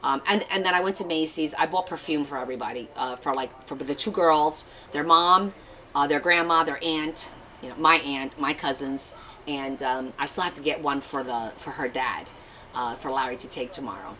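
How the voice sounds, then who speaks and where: A woman's voice: sits low, moderate pace, pushed and bright, a little hiss or hum, low-quality recording. A woman hosting a craft livestream, chatting casually and telling stories while she works. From Portuguese family. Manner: chatty storytelling, reads viewer comments aloud.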